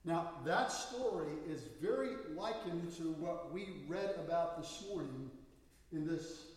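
A man's voice: a little high, a little slow. A male pastor preaching a sermon in a church, telling stories and acting out the people in them. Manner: storytelling, animated quoting of people. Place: church sanctuary. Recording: echoey hall, voice from far off.

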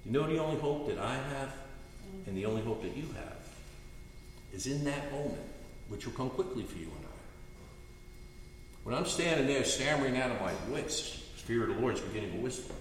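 A male pastor preaching a sermon in an animated, earnest, storytelling manner. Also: medium pitch, fairly quick, pauses often, a little hiss or hum. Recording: echoey hall, distant mic.

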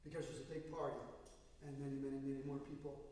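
A man's voice: mid-range voice, flat delivery, quick pace, dark tone, far from the mic, slight background noise. Man preaching in an echoey hall. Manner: storytelling, rising to emphatic bursts. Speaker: pastor. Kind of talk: sermon. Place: church sanctuary.

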